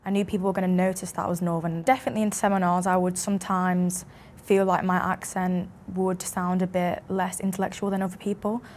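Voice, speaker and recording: A young woman with a Manchester accent talks quickly and candidly. Her voice is low-pitched and fairly level, with faint ambient noise around her. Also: little pitch movement, darkish tone. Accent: Mancunian. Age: young adult. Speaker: interviewee.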